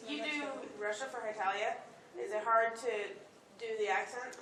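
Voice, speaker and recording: A woman in the audience fires off quick, eager questions to the panel. Her voice is a little high. She comes through from a distance in a very echoey hall, with a loud crowd behind her. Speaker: audience member asking a question.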